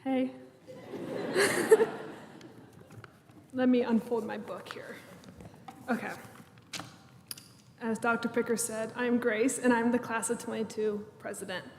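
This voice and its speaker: Young woman, graduation speech, chatty, nervous humor, roomy echo, slightly high. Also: takes it slowly, long pauses, a little hiss or hum. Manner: chatty, self-deprecating, laughs through nervous moments. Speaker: senior class president giving a graduation speech. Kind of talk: prepared ceremony speech. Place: large church sanctuary. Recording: echoey hall, room mic.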